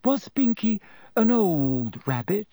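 A brainy, impatient schoolgirl, put on by a man, explains things in a precise, lecturing way. Her voice sits noticeably higher than the reader's own and lilts up and down. The sound is close and dry. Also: big pitch swings, slow, warm tone, no echo, exaggerated voice. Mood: earnest. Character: earnest, bossy schoolgirl, logical and impatient. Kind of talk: audiobook character voice.

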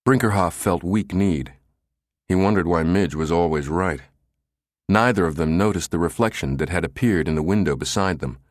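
A man narrating an audiobook in a steady, measured way. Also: low voice, no room sound, clean studio sound.

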